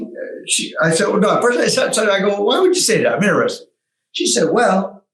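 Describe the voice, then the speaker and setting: Older male exec guest, higher voice, animated storyteller who laughs at his own jokes; echoey room. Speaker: guest, former tech executive. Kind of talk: storytelling interview, lively anecdotes.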